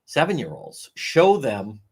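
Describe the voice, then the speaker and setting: A man's voice: medium pitch, huge pitch swings, slow, husky. A man giving blunt, profane, sarcastic live commentary on a livestream, mocking people by acting out what they said. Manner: sarcastic and mocking, acts out others' quotes. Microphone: livestream microphone.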